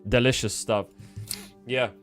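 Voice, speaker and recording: A man's voice: medium pitch, fairly even intonation, a little slow, a bit bright, soft background music. Rambling man streaming a game. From Poland. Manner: rambling, swearing, frequent restarts. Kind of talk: casual gaming livestream chat.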